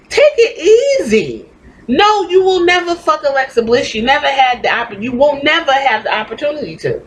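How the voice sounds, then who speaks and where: A woman's voice: fairly high pitch, low-quality recording. Blunt, profane woman ranting. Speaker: podcast host. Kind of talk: opinionated podcast rant.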